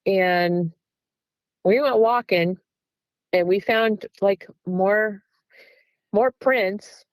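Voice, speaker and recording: A woman's voice: mid-range voice, drawn-out words, no room sound, low-quality recording. Woman guest, casual storyteller, mid voice, dry close recording, lots of "um" and "like". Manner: retells events by acting out back-and-forth dialogue; chatty, with frequent "um" and "like". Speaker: guest Bigfoot researcher.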